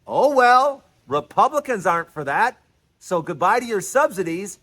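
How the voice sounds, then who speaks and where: A man's voice: sits high, very animated, normal speed, fairly bright tone. A man hosting his own show, delivering an emphatic, repetitive political monologue as if lecturing his listeners. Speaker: host.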